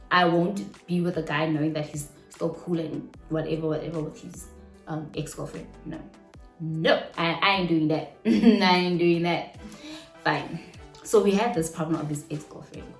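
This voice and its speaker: A South African woman in her twenties telling a story from her own life in a chatty, animated vlog, mixing slang and local phrases into her talk. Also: low-pitched, normal speed. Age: 20s. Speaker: vlogger. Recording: roomy room with faint music behind.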